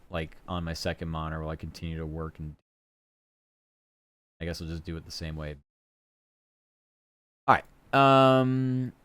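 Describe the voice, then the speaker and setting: A man's voice: deep voice, clear, resonant tone. A man streaming, chatting casually and rambling loosely, with the odd swear word. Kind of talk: casual live-stream chat.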